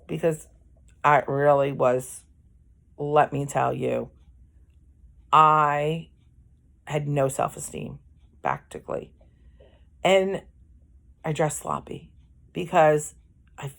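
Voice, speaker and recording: Slow, gravelly-voiced woman telling it straight. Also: low voice. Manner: candid, conversational, acts out quoted dialogue. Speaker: host. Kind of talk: casual personal monologue.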